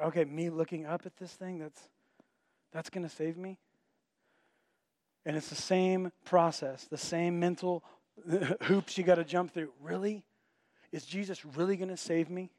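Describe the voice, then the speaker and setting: In a dry recording, a high-pitched male pastor delivers a sermon. He tells a story with animation, voicing each of the characters he quotes.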